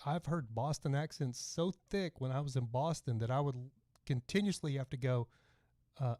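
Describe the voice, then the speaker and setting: Chatty Texan man with a dark voice. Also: medium pitch, normal speed, dry recording, studio quality. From Texas. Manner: rambling, chatty, reads out viewer comments. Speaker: podcast host. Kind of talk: casual livestream chat.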